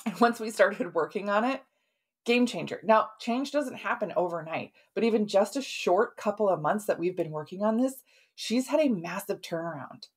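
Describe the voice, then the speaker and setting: A health practitioner and podcast host, this middle-aged woman has a medium-pitched, slightly rough voice that is animated and moves at a normal speed. She relates a client's story conversationally and casually, habitually ending sentences with "right?".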